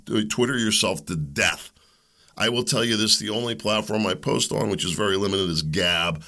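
On his political commentary podcast, a US man speaks in a lowish, bright, forceful voice with vocal fry. His tone is fervent and sermonizing, full of rhetorical questions, and he repeats himself when he gets worked up.

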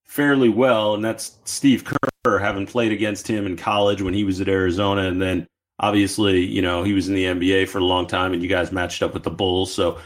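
A man's voice: low voice, flat delivery, brisk. A man hosting a podcast, asking long rambling questions. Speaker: podcast host. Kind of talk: interview questions.

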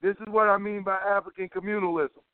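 A man's voice: sits high, little pitch movement, fast, clear, resonant tone, dry recording. A man giving an impassioned political talk as an organizer, emphatic and preachy, repeating phrases for weight. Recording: tinny phone line, dry.

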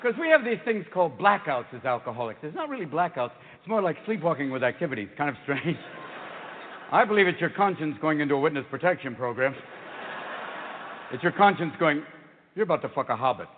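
Man, stand-up comedy, manic rapid-fire delivery, high voice, tinny phone-like sound, long hall reverb. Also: big pitch swings, background noise. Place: large live venue. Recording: tinny, echoey live hall recording.

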